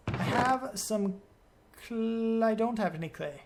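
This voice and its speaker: A man's voice: sits high, measured pace, slight background noise. A man giving let's play commentary as a gaming video creator, rambling and thinking aloud as he questions himself.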